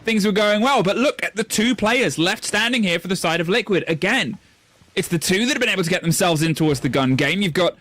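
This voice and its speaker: A man's voice: high-pitched, expressive, brisk, a bit bright, no echo. A man casting an esports match, rambling and self-deprecating between plays. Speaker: esports caster. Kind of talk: play-by-play commentary.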